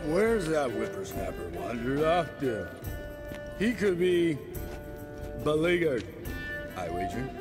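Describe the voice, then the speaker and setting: An actor playing a gruff, old-fashioned older male witcher mentor, drunkenly rallying his men in a game cutscene. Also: mid-range voice, sing-song, takes it slowly, long pauses. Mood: blustering. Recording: game cutscene with music behind.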